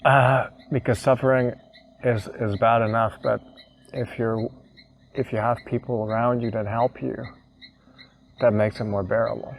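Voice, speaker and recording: A young man telling an emotional personal story, halting and repeating words as he chokes up with tears. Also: medium pitch, level tone, vocal fry, a little hiss or hum, low-quality recording. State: tearful. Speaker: vlogger.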